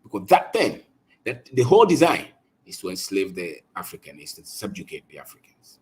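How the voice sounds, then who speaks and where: Ghanaian guy giving a fired-up talk, husky voice, keeps hammering the same points. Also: sits low, very animated, fairly quick, a little mellow. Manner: emphatic, preachy, repeats phrases, switches between English and Twi. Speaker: speaker on colonisation. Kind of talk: impassioned motivational talk.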